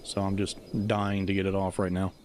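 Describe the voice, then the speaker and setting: Rambling, animated male streamer. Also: sits low, brisk, a little hiss or hum. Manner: rambling, animated, self-mocking; reads viewer comments aloud and answers them. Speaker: Zelda theory YouTuber streaming. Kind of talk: casual livestream chat.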